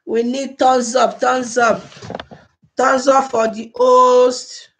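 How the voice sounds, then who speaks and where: High-voiced Nigerian woman hosting a livestream. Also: level tone, slow pace, a bit bright. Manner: repetitive, pleading, effusively thanking viewers. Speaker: livestream host. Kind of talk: casual livestream chat. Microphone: phone or laptop mic.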